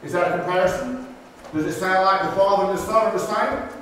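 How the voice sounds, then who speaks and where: Male preacher, high voice, folksy sermon, distant mic in a reverberant church hall. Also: fast, fairly bright tone. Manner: folksy, plain-spoken preaching with rhetorical questions to the congregation. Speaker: pastor. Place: church sanctuary. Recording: echoey hall from far off, faint noise.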